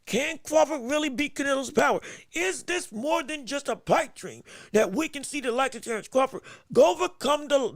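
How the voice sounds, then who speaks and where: A high-pitched man hosting a live podcast stream, his voice gravelly with fry. He talks in an energetic, excitable way, greeting viewers and restarting his sentences. The sound is dry and close. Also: dry recording. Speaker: podcast host. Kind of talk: live-stream boxing podcast, reading the chat.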